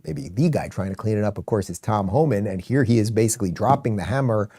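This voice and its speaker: A male host rants through his political commentary, sarcastic and exasperated. His voice is low and dark. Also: expressive, quick pace, slightly rough. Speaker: show host.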